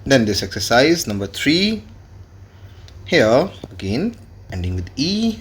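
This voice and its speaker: A man's voice: mid-range voice, sing-song, slow pace, pauses often. Man spelling out French grammar. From India. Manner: spells out words letter by letter. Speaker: French teacher. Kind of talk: classroom lesson.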